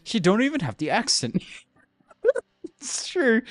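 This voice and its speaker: A man's voice: sits high, sing-song, a little slow, pauses often, no room sound. A young Australian man chatting loosely on a live stream, rambling, laughing often and greeting viewers by name. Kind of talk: casual live-stream chat. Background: faint background music.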